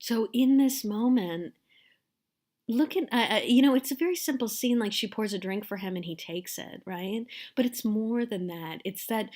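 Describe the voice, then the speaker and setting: A woman's voice: a little high, moderate pace, darkish tone. Earnest woman lecturing on a film scene. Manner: earnest, emotive, repeats "right?" to the class.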